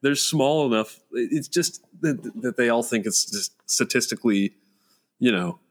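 A man's voice: medium pitch, moderate pace. A young man talking politics with his father on a podcast, earnest and argumentative, thinking aloud. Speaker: son, podcast guest. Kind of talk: casual political chat.

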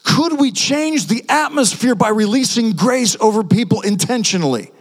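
A male pastor preaching a sermon, animated, asking the audience rhetorical questions. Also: extremely high pitch, normal speed. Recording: long hall reverb.

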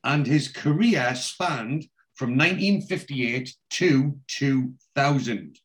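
A man in casual conversation, walking through a TV episode scene by scene. He quotes the characters as he goes and stumbles through fillers and restarts. He speaks at a middle pitch. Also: expressive, slow pace. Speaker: podcast co-host recapping a TV episode. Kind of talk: casual chat.

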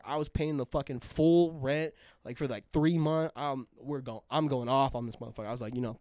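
A young man chats casually on a podcast, swearing freely and circling back with lots of fillers and restarts. His voice is smooth and clear, mid-pitched, and sits in a very dry, close space. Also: fairly quick, hardly any pauses, a little mellow, dry recording. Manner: profane, rambling, full of fillers and restarts. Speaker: podcast co-host. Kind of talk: casual storytelling chat.

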